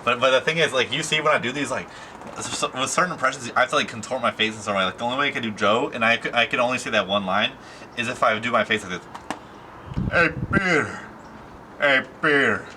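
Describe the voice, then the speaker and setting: This time the vlogger talks very fast, still loose and rambling with heaps of fillers and casual slang. He speaks straight to the camera at an ordinary middle pitch, over a clear, steady background noise.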